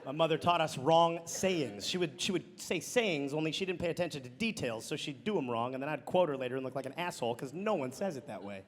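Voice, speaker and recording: A man's voice: fairly high pitch, expressive, quick pace, few pauses, a faint crowd. A man from Wisconsin doing sardonic stand-up comedy on stage. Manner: sardonic storytelling. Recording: live club with audience laughter.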